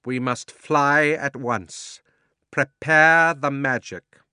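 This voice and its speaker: A man's voice: mid-range voice, fairly even intonation, slow pace, sharp tone, clean tone, no echo, studio quality, pitched above the performer's own voice. A man voicing an imperious witch queen who gives urgent, commanding orders.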